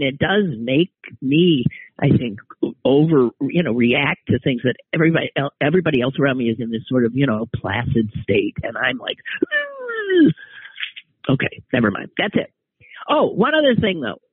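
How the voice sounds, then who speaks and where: A man's voice: medium pitch, husky, dry recording. A man hosting a casual solo monologue, rambling and wry, often trailing off and starting over. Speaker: podcast host. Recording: tinny phone-like dry sound.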